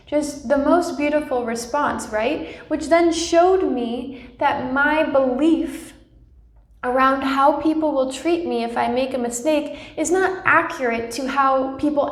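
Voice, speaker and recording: Gentle woman with a roomy echo. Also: high-pitched. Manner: gentle and reassuring, often adds "right?". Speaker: spiritual channel host. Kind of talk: personal spiritual talk to viewers.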